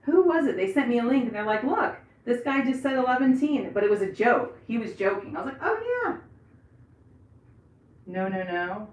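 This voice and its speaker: A woman's voice: on the high side, a little fast, hardly any pauses, a little mellow. A chatty middle-aged woman talks casually to her viewers while she paints. She rambles from topic to topic and laughs often. She sounds a little off-mic, and the small room gives her voice a noticeable echo. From Florida. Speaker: livestream host. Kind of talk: casual live chat. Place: indoors in a bathroom. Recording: echoey room, voice from some distance.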